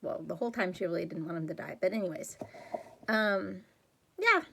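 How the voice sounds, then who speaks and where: A woman's voice: fairly low pitch, moderate pace, creaky, a bit bright, slight background noise. Young woman rambling about a movie, lots of likes and ums, gets worked up retelling it. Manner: gets heated and exasperated when retelling scenes. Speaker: movie reviewer. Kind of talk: casual chat.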